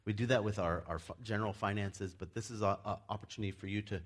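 A man's voice: steady tone, fast talker. Chatty male pastor preaching casually. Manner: chatty and joking, acts out quoted people in loud high voices. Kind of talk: casual sermon.

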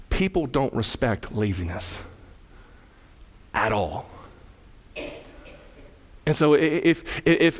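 A male pastor preaching a sermon in a conversational way, asking the congregation questions and acting out little dialogues as he tells a story. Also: a little high.

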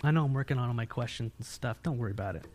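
An American man preaching a sermon as pastor, asking his congregation questions and answering them himself, moving between loud emphatic peaks and quiet low-voiced stretches. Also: rapid-fire.

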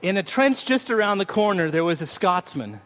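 A man's voice: sits high, sing-song, moderate pace, a bit bright, slight background noise. A man preaching a Christmas Eve sermon as pastor, telling stories and leading prayer. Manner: storytelling with sung snippets, ending in prayer. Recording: long hall reverb.

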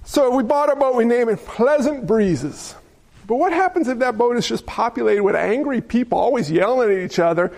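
High-voiced joking male pastor. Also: expressive, normal speed, creaky, a little mellow. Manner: playful, jokey asides with rhetorical questions. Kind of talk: sermon.

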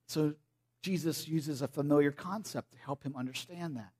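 A man with a high voice preaching a relaxed, chatty sermon. He talks to the congregation like friends and often slips into playful impressions of the people he quotes. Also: moderate pace. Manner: casual and conversational, often acting out quoted voices. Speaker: pastor.

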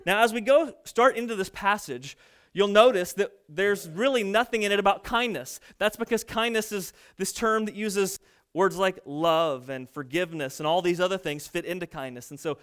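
A pastor in his thirties delivers a sermon, weaving in homey stories about his family. His voice sits high for a man and rings smooth and clear. He talks in a relaxed, conversational way and pokes fun at himself. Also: normal speed. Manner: conversational, self-deprecating storytelling. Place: church stage.

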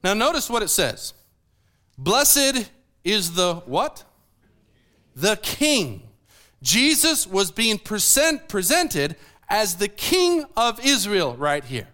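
A pastor preaching in a church, his voice high-pitched and bright. He speaks in a smooth, clear tone. He reads scripture aloud, then drops into playful asides for the congregation. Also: wildly swooping pitch, slow pace. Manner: playful, joking asides between scripture readings. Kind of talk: sermon. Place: church sanctuary.

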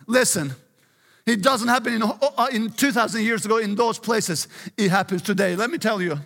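A man's voice: high-pitched, normal speed, vocal fry, fairly bright tone, long reverb tail. A middle-aged male pastor preaching an emphatic sermon, often urging listen and praise God.

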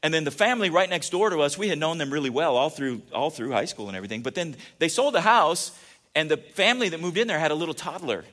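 A man's voice: fairly high pitch, expressive, quick pace, fairly bright tone. A man preaching a casual, joking sermon, telling stories and often restarting his sentences. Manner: chatty and joking, with many restarts. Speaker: pastor.

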